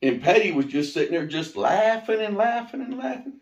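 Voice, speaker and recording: A middle-aged man, the host's father, telling a personal story in a casual, animated way and swearing now and then. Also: high voice, a little fast, highs cut off. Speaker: interviewee, father of the host. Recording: roomy echo.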